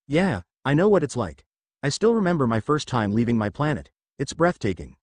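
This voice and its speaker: A man's voice: mid-range voice, very animated, a little fast, no room sound. A man voicing a cheerful alien princess. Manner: bright, friendly.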